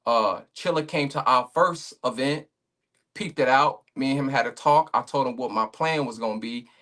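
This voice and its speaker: A man's voice: mid-range voice, fairly bright tone. A man talking casually as a guest on a remote podcast call, laid-back and rambling, with many fillers and restarts. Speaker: league owner guest.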